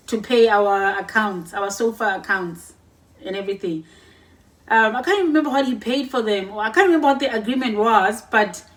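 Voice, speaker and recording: A woman's voice: a little high, a bit bright. A young woman vlogging to a camera set across a room, telling a long story in a chatty way, acting out both sides of conversations and often correcting herself. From Lesotho. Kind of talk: casual storytime. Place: warm room in a cold house.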